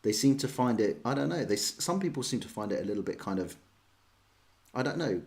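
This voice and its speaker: English male streamer, lower voice, sing-song delivery, rambling chat with viewers. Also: sing-song, fairly quick, vocal fry, a little mellow. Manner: chatty, rambling, self-deprecating. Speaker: chess streamer. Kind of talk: casual livestream chat answering viewers.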